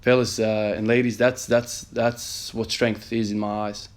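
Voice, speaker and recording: A man's voice: on the low side, little pitch movement, a little slow. A man in his thirties, an emergency nurse, earnestly telling a story in a motivational vlog with many fillers. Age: 30s.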